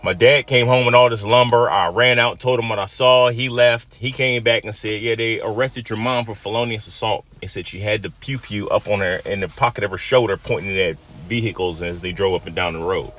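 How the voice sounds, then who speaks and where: A man's voice: lowish voice, brisk, few pauses. Man in his fifties telling a personal story. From Detroit, USA. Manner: emotional, dramatic retelling that swings from hushed to loud.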